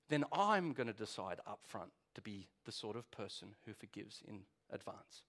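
Animated high-voiced male preacher. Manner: animated, conversational preaching with quick restarts and asides. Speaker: pastor. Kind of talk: sermon.

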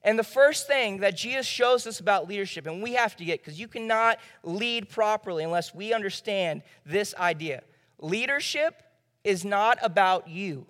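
A young man with a Southern US accent preaching a sermon as pastor, acting out the disciples' lines in quick bits of dialogue. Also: high voice, expressive, fairly bright tone. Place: church hall. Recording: long church hall reverb.

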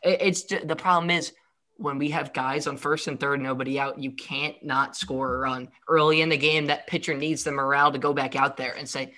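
Bright-voiced man repeating his points. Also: medium pitch, steady tone, brisk. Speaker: podcast co-host. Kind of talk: casual sports chat.

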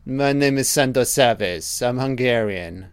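Man doing a posh older ladies' man, pompous, smug, slow and smooth, crisp close voice. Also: mid-range voice, no room sound, close to an everyday voice.

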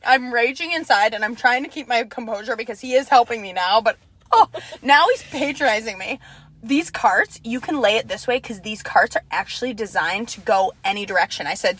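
A young woman co-hosting a podcast in casual chat, telling an animated story and laughing often. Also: a little high, brisk, slightly rough, no room sound. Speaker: podcast co-host.

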